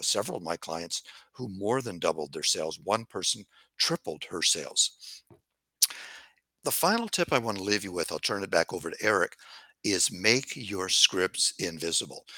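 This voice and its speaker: A man's voice: low-pitched, bright, forceful tone, no room sound. An older man co-hosting a podcast, teaching about sales scripts with emphatic, repeated phrases and asides telling listeners to write things down. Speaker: co-host, sales persuasion expert. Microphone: headset.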